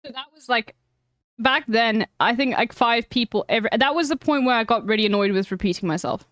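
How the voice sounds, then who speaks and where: A woman streamer speaks frankly to her viewers, her voice sitting a little high. She swears freely and hands out blunt advice. The sound is dry and close, with no room around it. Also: a little fast, fairly bright tone, no echo. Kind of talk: casual chat with viewers.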